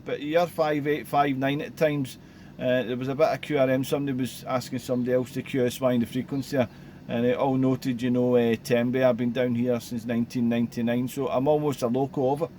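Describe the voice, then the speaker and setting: A man, chatting casually over CB radio, relaxed and rambling with lots of radio jargon. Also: medium pitch. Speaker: CB radio operator. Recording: faint background noise.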